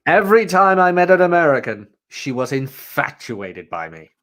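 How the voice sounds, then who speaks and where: A man's voice: fairly high pitch, big pitch swings, moderate pace, a bit bright. A man, co-hosting a podcast in casual chat, brash and boastful with slangy turns of phrase. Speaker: podcast co-host.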